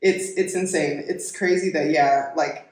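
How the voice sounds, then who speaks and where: A woman's voice: deep voice, measured pace. A woman from Kenya with an American-influenced accent, co-hosting a casual podcast chat and telling stories with lots of laughter. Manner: animated, laughing storyteller. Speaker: podcast co-host. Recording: echoey room.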